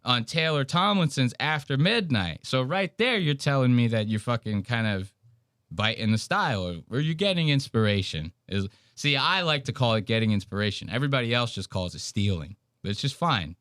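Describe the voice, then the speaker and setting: Animated man ranting on a podcast. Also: medium pitch, fairly quick, no echo, studio quality. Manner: animated, swearing, mocking. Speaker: podcast co-host. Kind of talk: casual podcast banter.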